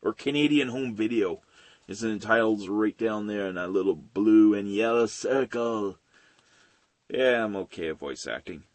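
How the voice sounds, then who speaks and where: A man's voice: on the low side, unhurried, dry recording. A man in his late twenties giving a rambling, profane, casual film review with frequent laughs. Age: late 20s.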